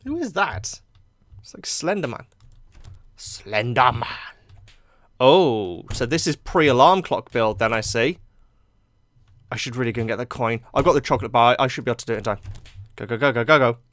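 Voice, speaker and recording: A man giving excitable, chatty let's play commentary, joking and laughing often. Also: medium pitch, brisk, no echo. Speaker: YouTube gamer.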